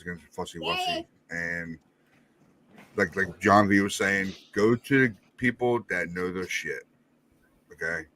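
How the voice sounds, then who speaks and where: A man with a low, bright voice chats on a casual sports podcast. He rambles and repeats himself. A faint hiss is heard under him. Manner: rambling, repetitive.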